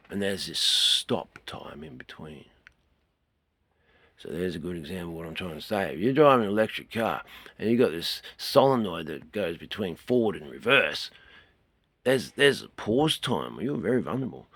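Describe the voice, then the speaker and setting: An Australian man talking in an earnest, rambling way, trailing off quietly and then swelling suddenly. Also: deep voice, expressive, normal speed, breathy edge, no echo. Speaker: host. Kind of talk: rambling spoken talk.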